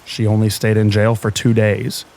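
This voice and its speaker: Male narrator, lower voice, calm and even, scary bedtime stories, soft rain hiss underneath. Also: moderate pace.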